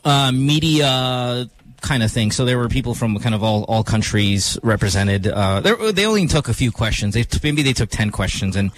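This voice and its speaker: A man's voice: medium pitch, moderate pace. A man hosting a casual morning radio show in a studio, joking and rambling with fillers.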